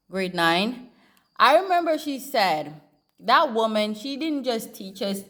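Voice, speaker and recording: A woman with a somewhat high voice speaks straight to the camera in a candid personal monologue. She talks bluntly and swears freely, and she pours real feeling into her stories. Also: fairly bright tone. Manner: blunt, profane and emphatic; earnest, emotional storytelling.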